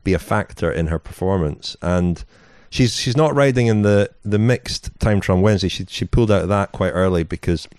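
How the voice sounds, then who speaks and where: A man's voice: low-pitched, brisk, few pauses, a little mellow, clean tone, no echo. A man co-hosting a podcast, telling a story in a meandering way with many "you know"s and restarts. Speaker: podcast co-host. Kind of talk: casual chat.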